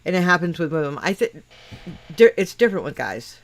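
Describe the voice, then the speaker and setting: A woman's voice: lowish voice, sing-song, brisk. A middle-aged woman hosting a casual chat. She talks bluntly, swears constantly and teases the people she is talking with. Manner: profane, blunt and teasing. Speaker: podcast host.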